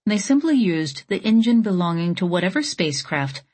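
A woman narrates an audiobook with a husky, slightly breathy voice set low. Her reading is steady and measured, with an even, unhurried flow. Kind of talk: scripted narration.

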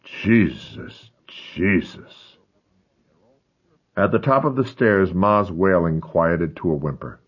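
A man with a very deep, husky voice tells a first-person memoir in a grave, intense way. His delivery rises and falls widely, and the recording sounds dull and muffled. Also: lively intonation, moderate pace, few pauses. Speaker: audiobook narrator.

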